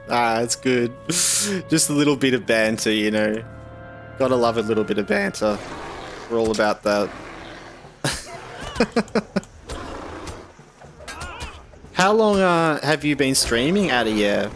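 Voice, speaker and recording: A man's voice: mid-range voice, sing-song, slow, pauses often, a bit bright, soft background music. A man with an Australian accent chatting casually with his live-stream audience, bantering, musing aloud and chuckling often. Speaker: game streamer.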